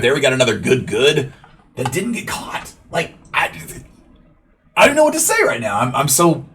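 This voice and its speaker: Husky man giving casual game commentary. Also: medium pitch, a bit bright. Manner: casual, rambling play-by-play with frequent fillers. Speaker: gaming YouTuber. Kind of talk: gameplay commentary.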